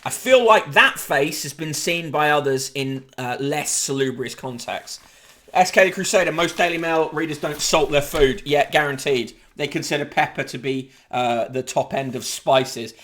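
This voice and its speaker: A man's voice: a little high, fairly bright tone. A man hosting a podcast, casually reviewing newspapers with sardonic asides and frequent swearing. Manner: sardonic, swears freely, halting with fillers.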